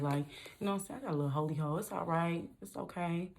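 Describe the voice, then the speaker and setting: A young vlogger from Detroit, USA tells stories straight to camera in a casual, easygoing way, talking fast. Her voice sits a little low but jumps up in pitch when she makes a point, and she stays loose, animated and quick to laugh.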